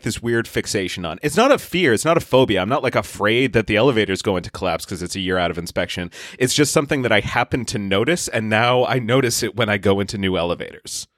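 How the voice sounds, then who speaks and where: Podcast co-host, male, lively pitch, dry close mic, deadpan precise storyteller. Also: dry recording. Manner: slow, overly precise storytelling. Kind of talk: casual comedy podcast chat.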